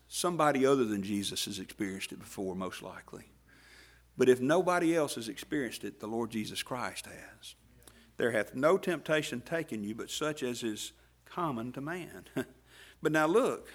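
A man with a fairly high-pitched voice preaches a folksy sermon, performing the voices of people he quotes and swinging between loud emphasis and near whisper.

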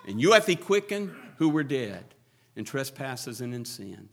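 A man preaching a sermon, moving between hushed, quiet passages and loud, fervent build-ups as he quotes scripture. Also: mid-range voice, very animated, measured pace.

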